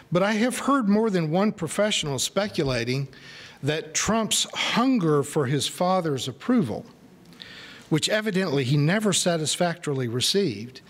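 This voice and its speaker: A man's voice: a little high, a bit bright. A male pastor giving a sermon in a conversational, storytelling way, with self-deprecating humor.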